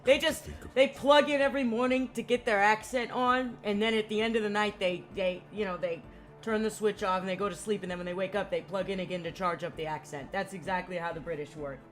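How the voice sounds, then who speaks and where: A young woman gives casual gaming commentary in a loose, rambling way. She curses freely and fills her talk with "like" at a middling pitch. Faint game music plays behind her. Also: fairly even intonation, a little fast. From United States. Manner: rambling, profane, lots of "like". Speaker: streamer.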